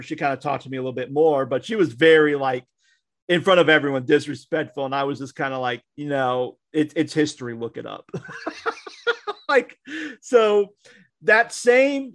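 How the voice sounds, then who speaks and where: Young guy cohost telling a story, kinda high voice, dry close sound, laughs a lot. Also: no echo. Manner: animated, laughing, sarcastic asides. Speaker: podcast co-host. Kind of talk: casual storytelling.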